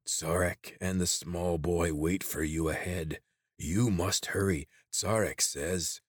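A man voicing an old male lizard watcher who speaks slowly in a croaking, halting way. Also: low voice, no echo, studio quality, exaggerated voice. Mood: stern, weakening.

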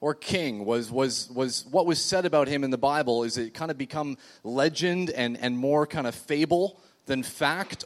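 Chatty man preaching a sermon. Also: medium pitch. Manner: conversational, chatty preaching with fillers and restarts. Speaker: pastor. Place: church. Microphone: seated while preaching.

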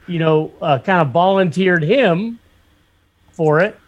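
A motorcycle shop owner from northwestern Pennsylvania, telling a story in casual chat, rambling and profane with lots of fillers and restarts. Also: male voice, high voice, takes it slowly, highs cut off.

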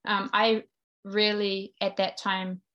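A woman's voice: medium pitch, little pitch movement, slow pace, fairly bright tone, highs cut off. A woman with a New Zealand accent, in her thirties, tells her story of faith in an earnest, reflective way. Her voice sits in an ordinary middle register for a woman. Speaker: guest. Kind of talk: personal faith testimony in conversation.

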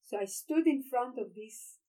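Animated Israeli woman telling a story. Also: on the high side, unhurried, poor audio. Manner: animated, emphatic, repeats words when excited. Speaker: tour guide. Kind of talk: interview, personal storytelling.

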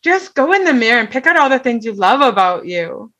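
Bright, earnest middle-aged woman storyteller. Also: on the high side, very animated, fairly quick. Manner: earnest, often asks "right?". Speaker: guest. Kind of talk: personal storytelling.

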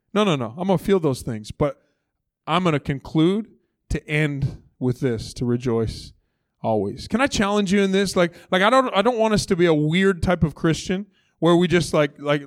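A man preaching a sermon, conversational and animated, calling out for responses and dropping low and slow on key phrases. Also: no echo, studio quality. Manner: conversational with frequent "like" and storytelling. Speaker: pastor. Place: church.

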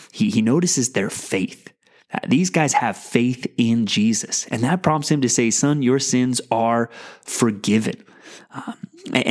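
Man hosting a Bible devotional podcast. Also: medium pitch. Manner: conversational, with fillers and restarts, reads scripture slowly. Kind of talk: casual Bible teaching.

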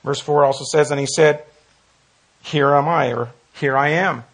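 A man's voice: fairly high pitch, steady tone, normal speed, vocal fry, a bit bright. A man teaching a Bible study, earnest, repeating phrases for emphasis and reading scripture aloud. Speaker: pastor leading Bible study.

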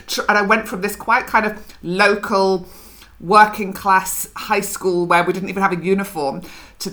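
Woman, middle-aged, from Scotland, podcast guest, frank storytelling, bright forceful tone. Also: mid-range voice, normal speed. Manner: reflective, frank, laughs through her story. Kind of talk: candid conversational storytelling.

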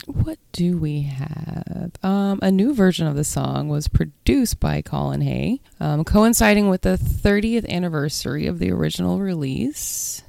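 A woman co-hosting a casual podcast, blunt and playful, quick to laugh. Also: fairly low pitch, animated, creaky, warm tone, no echo, clean studio sound. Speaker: podcast co-host. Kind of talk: casual chat.

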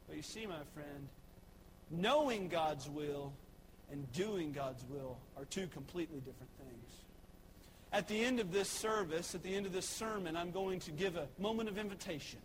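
A man's voice: extremely high pitch, fairly quick, a bit bright, slight background noise. A man, a pastor preaching a sermon in a church sanctuary, emphatic and repeating key phrases.

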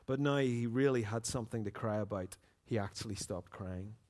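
A man with a Northern Irish accent, a pastor preaching and reading a story aloud in an earnest, expressive way. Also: lowish voice, moderate pace. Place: church.

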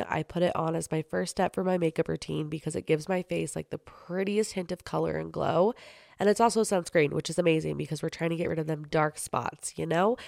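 A woman's voice: lowish voice, creaky, darkish tone, no room sound, clean studio sound. Wanita dengan suara serak bergetar, rekaman kering. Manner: chatty, upbeat, quick bursts. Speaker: podcast host. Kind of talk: casual chat and ad reads.

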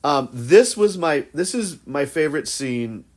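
A man's voice: a little high, animated, unhurried. A man hosting a casual podcast, recapping reality-show episodes with gossipy, sarcastic put-downs.

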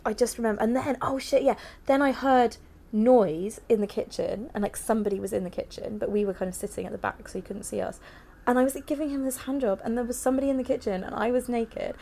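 Young woman talking candidly, lots of "like", mid-pitched voice. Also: gravelly, a little mellow, a little hiss or hum. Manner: frank, heavy use of "like", laughs while talking. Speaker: interview guest. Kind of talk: candid personal storytelling.

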